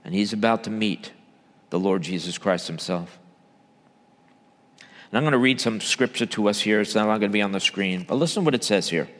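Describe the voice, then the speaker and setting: A man, a church elder, preaching a sermon, swinging between loud emphatic bursts and low quiet asides. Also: normal speed, pauses often, in a large hall.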